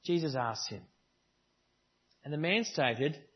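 A man preaches to his congregation in a relaxed, conversational way, leaning hard on key words now and then. His voice sits a little high and has a husky edge. The church recording sounds somewhat dull and lo-fi. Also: normal speed. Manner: conversational preaching with varied emphasis. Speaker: pastor. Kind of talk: sermon. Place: church service.

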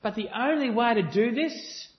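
A man with a high voice preaches to a live congregation, pressing his points through repetition and breaking into playful back-and-forth with the room. The recording sounds dull and lo-fi. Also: animated, normal speed. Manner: earnest and emphatic, repeats phrases, jokes with the audience. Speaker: pastor.

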